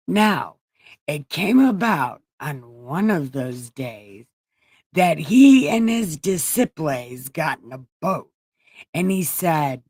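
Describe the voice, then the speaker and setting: A woman's voice: on the low side, expressive, takes it slowly, darkish tone, no room sound. A woman reading scripture aloud with crude, joking asides, an irreverent comedic reading. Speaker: comedy Bible reader.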